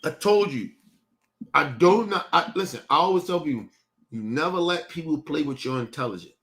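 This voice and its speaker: A young man holds forth on his stream in a heated, profane rant. He circles back and repeats his points, and his voice sits a little higher than most men's. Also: animated, normal speed, fairly bright tone. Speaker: streaming show host. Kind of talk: casual rant to a stream audience.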